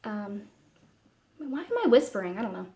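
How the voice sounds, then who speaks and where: A woman talking casually to camera in a personal vlog, meandering and halting, with many fillers and restarts. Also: mid-range voice, steady tone. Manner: soft and candid. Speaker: vlogger.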